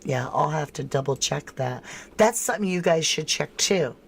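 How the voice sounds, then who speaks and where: A woman's voice: low-pitched, expressive, normal speed, gravelly, a little hiss or hum. A woman hosting a true crime livestream in casual commentary, thinking aloud and answering viewers' chat comments by name with frank disbelief.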